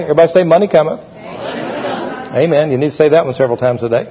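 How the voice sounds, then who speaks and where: A man's voice: fairly high pitch, very fast. A man preaching a sermon to a congregation, talking conversationally and leading call-and-response. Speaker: pastor. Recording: dull, echoey hall recording.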